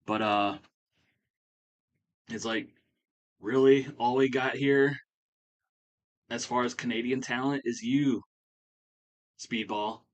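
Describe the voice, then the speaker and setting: A man's voice: medium pitch, steady tone, slow, long pauses. A man casually recapping a wrestling management game, rambling with plenty of fillers. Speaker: game commentator. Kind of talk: comedic play-by-play of a wrestling sim game.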